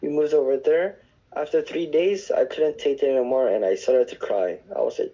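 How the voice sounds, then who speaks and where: A young navy sailor with a medium-pitched, warm voice at normal speed tells casual stories on a podcast from his dorm room on base, heard through dull audio. He rambles, swears often, and keeps restarting his sentences.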